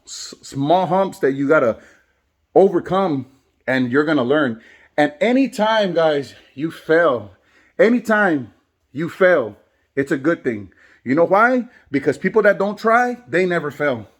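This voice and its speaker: A man who is a barber and father, talking earnestly in a motivational vlog and repeating phrases for emphasis. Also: a little high. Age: adult, has kids. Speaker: barber and vlogger.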